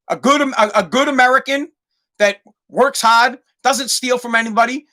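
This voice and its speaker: A man's voice: very high voice, normal speed, pushed and bright. A man from Massachusetts hosting a solo podcast, rambling through a profane comic rant and repeating himself as he goes. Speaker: podcast host.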